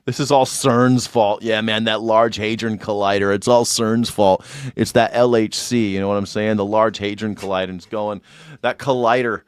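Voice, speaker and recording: Sarcastic dude hosting a live call-in stream, mocking tone, dry close sound. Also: male voice, on the low side, steady tone, moderate pace, clear, resonant tone, no room sound. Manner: mocking, sarcastic, laughs a lot. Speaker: livestream show host.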